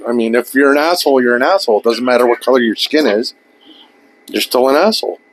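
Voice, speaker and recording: Brief: mid-pitched man, crude wisecracking podcast co-host, faint room noise behind. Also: fast, poor audio. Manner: crude, joking, laughs at his own jokes. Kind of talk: casual banter.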